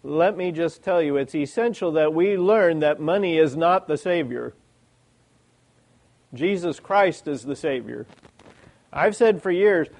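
Male preacher, slightly higher voice, lively sermon delivery with frequent rhetorical questions. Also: low-quality recording. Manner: animated, lots of rhetorical questions.

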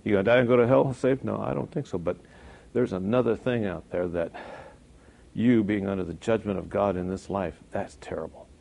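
A man preaching a sermon in a conversational way, now and then jumping to loud emphasis and acting out quoted voices. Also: on the low side, a little fast, gravelly.

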